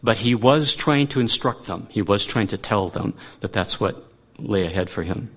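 A man's voice: fairly low pitch, lively intonation, moderate pace. A man teaching through a Bible passage in a conversational way, thinking aloud and restarting his sentences.

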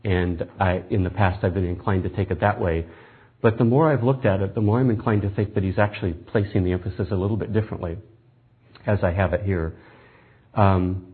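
A man's voice: on the low side, fairly quick, breathy edge. A man teaching a Bible study lecture, reasoning through a passage step by step and reading scripture aloud. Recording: tinny phone-like band.

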